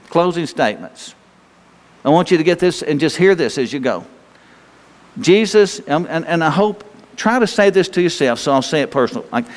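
A man preaching a sermon as pastor, folksy and exhorting, urging the congregation to speak along. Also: fairly high pitch. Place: church sanctuary. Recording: long reverb of a church hall.

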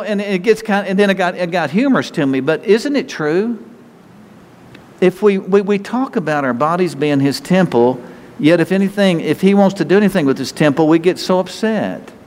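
A male pastor preaching a conversational sermon, with self-talk and quoted prayers, to a church congregation. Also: sits high. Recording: long hall reverb.

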